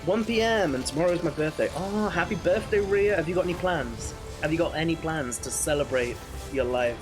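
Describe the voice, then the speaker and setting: A young man streaming a game, chatting casually with viewers, excitable and swearing freely. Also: fairly high pitch, a little fast. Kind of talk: casual live-stream chat while gaming. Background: game music.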